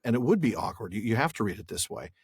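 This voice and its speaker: A man's voice: on the low side, sing-song, fast, creaky, slightly rough, dry recording, clean studio sound. A man co-hosting a podcast, chatting casually and joking about a book, then reading a passage aloud steadily. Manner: easygoing, joking, reads narration steadily. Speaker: podcast co-host.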